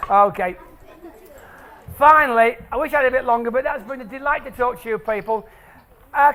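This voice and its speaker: Extremely high in pitch, this man's voice is bright and forceful. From England, he hosts a jokey maths show for families in a lecture hall, keeping things lively and playful as he ribs the audience.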